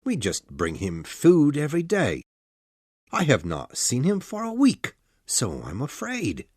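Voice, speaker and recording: A woman voicing a frightened, loyal male butler in an audiobook, in a halting, lowered voice. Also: wildly swooping pitch, a little mellow, breathy edge, no room sound, studio quality, heavily acted. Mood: afraid. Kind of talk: audiobook character voice.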